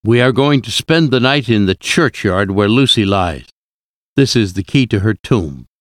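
A man's voice: on the low side, animated, moderate pace, dry recording, studio quality, lightly acted. A man doing a grave old professor. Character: grave older male professor, solemn and wise.

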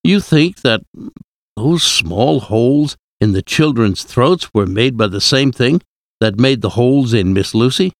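A man voicing a shaken young male doctor who narrates, urgent and rising in pitch. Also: animated, unhurried, dry recording, studio quality. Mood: alarmed.

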